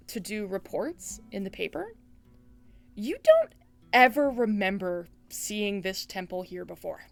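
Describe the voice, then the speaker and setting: A woman's voice: medium pitch, vocal fry. A woman running a tabletop game, describing scenes to her players in a loose, casual way with many "um"s and "like"s. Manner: casual descriptive narration full of "um" and "like". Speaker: game master.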